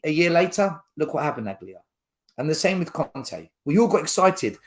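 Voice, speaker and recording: A man's voice: fairly high pitch, animated, moderate pace. A man hosting a football fan channel, ranting to camera in a blunt, argumentative way. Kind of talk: fan opinion rant to camera.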